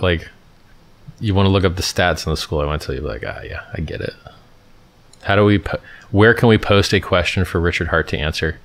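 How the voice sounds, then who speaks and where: A middle-aged man hosting a livestream, reading out and answering chat questions in a blunt, offhand, casual way. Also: low voice. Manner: blunt, offhand, lots of "like" and "dude".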